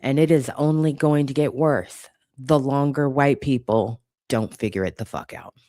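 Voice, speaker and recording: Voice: mid-range voice, normal speed, dark tone, dry recording, clean studio sound. A channel host giving an impassioned commentary monologue, blunt and profane, hammering points home with repetition.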